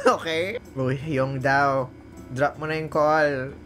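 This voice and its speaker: A woman's voice: sits low, wildly swooping pitch, takes it slowly, over loud music. A young Filipino woman with a Filipino accent, reacting to a drama and mixing Tagalog with English. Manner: mixes Tagalog and English, laughs and squeals often. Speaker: reaction vlogger.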